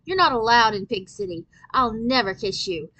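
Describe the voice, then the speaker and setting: A woman reading aloud and voicing a strong-willed sixth-grade girl who shouts fierce insults. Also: on the high side, animated, moderate pace, no room sound. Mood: furious.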